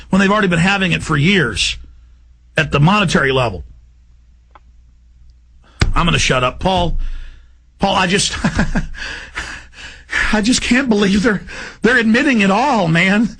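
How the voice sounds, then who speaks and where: Excitable male radio host, gravelly and bright, fast heated delivery that breaks into shouts. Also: sits high. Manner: agitated, fast, shouting bursts. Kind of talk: heated talk radio rant.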